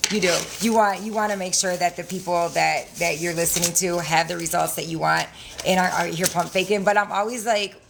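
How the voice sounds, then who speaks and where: A woman's voice: on the low side, vocal fry, background noise. Blunt, profane woman on a livestream. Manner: profane, blunt, laughs often. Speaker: livestream host selling credit classes. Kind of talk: casual livestream chat.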